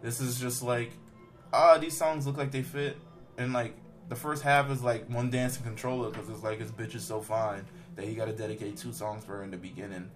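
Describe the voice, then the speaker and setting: A man's voice: mid-range voice, steady tone, a little fast, faint music behind. A young man on a podcast rambling through a film recap with lots of fillers and profanity. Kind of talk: casual chat, recapping a film.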